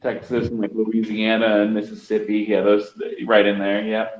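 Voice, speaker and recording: A man chatting casually on a video call, relaxed and self-deprecating. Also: on the low side, moderate pace. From United States. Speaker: conversation partner. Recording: muffled video call audio, faint hiss.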